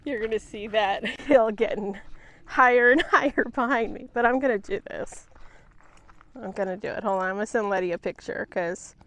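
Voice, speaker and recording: High-voiced woman chatting on a hike. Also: moderate pace, a bit bright. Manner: chatty, chuckles often, talks to her dog. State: a little out of breath. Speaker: travel vlogger. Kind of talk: casual chat while hiking. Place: outdoors on a hillside trail. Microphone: handheld pocket camera.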